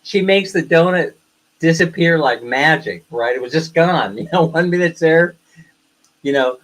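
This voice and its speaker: A man's voice: on the high side, normal speed, a bit bright, rough recording. An older American man hosting a casual livestream, telling rambling stories and laughing often. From United States. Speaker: livestream host.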